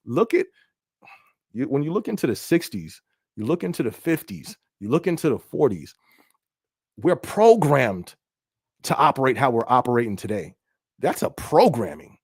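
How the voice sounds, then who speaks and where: A man's voice: medium pitch, very animated, normal speed, pauses often, darkish tone, husky, no room sound, clean studio sound. A man hosting a casual podcast stream, reading viewer comments aloud in a laid-back way and often checking in with "you know what I mean". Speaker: podcast host and rapper.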